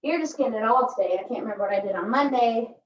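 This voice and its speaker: A woman's voice: a little high, fast, a little hiss or hum. A woman instructing a pilates workout in a chatty, joking way, often tagging her cues with "right?". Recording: echoey room, distant mic, dull sound.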